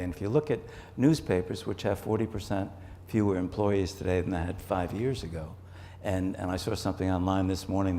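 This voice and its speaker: A man, a journalist and author, answering interview questions on a conference stage in a measured way, often repeating words as he thinks. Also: deep voice, mellow, big-room sound, a little hiss or hum.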